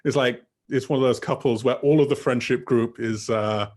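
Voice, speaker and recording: A man's voice: mid-range voice, steady tone, moderate pace, darkish tone. A young man giving a teacher-training talk over a video call, casual and rambling with many fillers. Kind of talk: online workshop talk.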